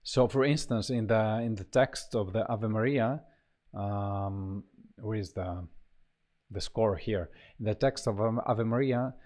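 A man walks through a choir sample library, talking casually and haltingly with many fillers and restarts. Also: on the low side, a little mellow. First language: Italian. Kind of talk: casual software walkthrough.

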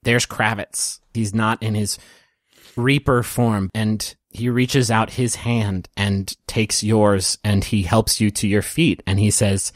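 A man narrating a tabletop game as game master, soft and emotional, with small restarts. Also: on the low side, steady tone, slow, no echo, studio quality.

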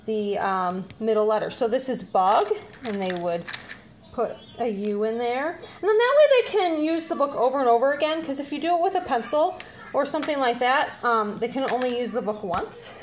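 A woman teacher casually demonstrating reading activities, slightly out of breath, pausing often with "um". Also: on the high side, lively intonation, a little hiss or hum. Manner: chatty, with frequent "um" pauses while handling letters.

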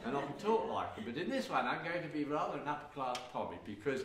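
In a fairly high, sing-song voice at a quick pace, an English folk performer rambles through a live introduction to his stories, peppering it with fillers and wry asides. It's recorded at a music venue in an echoey hall from a far-off mic, with a crowd audible and a guitar faint behind him.

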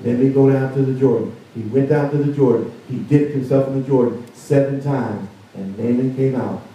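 Preaching pastor in an echoey church. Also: male voice, mid-range voice, normal speed, lo-fi sound, a little hiss or hum. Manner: preaches with rising fervor, acting out the story's characters. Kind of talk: sermon. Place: church sanctuary. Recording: distant mic in a very echoey church.

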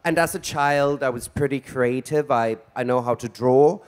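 A man's voice: medium pitch, moderate pace, smooth. A man in his forties hosting a live event as a drag queen, with flamboyant, theatrical camp banter on stage. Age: 40s. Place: event stage before an audience.

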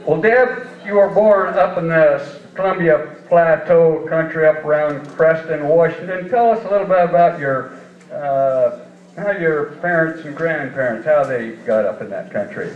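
A man's voice: fairly high pitch, normal speed. A man hosting an onstage interview, friendly and prompting with a few fillers. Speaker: emcee and interviewer. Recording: tinny, distant sound in an echoey hall.

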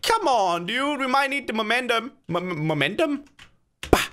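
A man narrating a game session in a loose, chatty way, talking to himself as he goes. His voice is bright and forward, and it swings widely up and down. Now and then it jumps into loud yelps of frustration or triumph. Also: extremely high pitch, normal speed. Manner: excitable, talks to himself and cheers himself on; sudden loud outbursts of frustration and joy. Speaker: gaming video creator. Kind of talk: casual let's-play commentary.

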